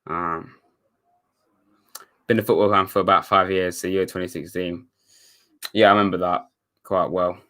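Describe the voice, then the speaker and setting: A man's voice: deep voice, steady tone, normal speed, pauses often, bright, forceful tone. A young man from England hosting a live stream, chatting casually and answering viewer comments with rambling, wry asides. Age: young adult. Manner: rambling, self-correcting, wry sarcastic asides. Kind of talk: casual watchalong chat reading viewer comments.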